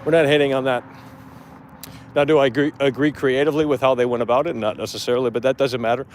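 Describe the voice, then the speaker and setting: A man's voice: medium pitch, fairly even intonation, fast, a little hiss or hum. A man hosting a live gaming show outdoors, talking bluntly and profanely in a casual rant.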